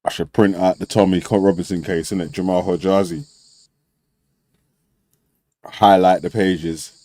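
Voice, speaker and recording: A man's voice: sits low, steady tone, unhurried, warm tone, no echo, rough recording. A young man hosting a casual panel debate, full of slang, laughing often and mimicking people. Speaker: debate show host.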